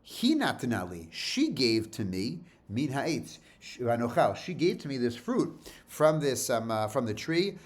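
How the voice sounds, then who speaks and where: A man's voice: mid-range voice, big pitch swings, measured pace. A man leads a verse-by-verse Torah lesson in an easy, conversational way. He reads a Hebrew line, then unpacks it in plain English. He restarts often and says the same idea twice so students follow. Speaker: teacher.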